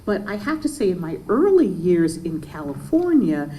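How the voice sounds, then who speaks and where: A woman's voice: lowish voice, very animated, moderate pace, background noise. A woman author on a panel recalling her childhood, starting hesitantly with many fillers. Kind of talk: personal anecdote on a panel.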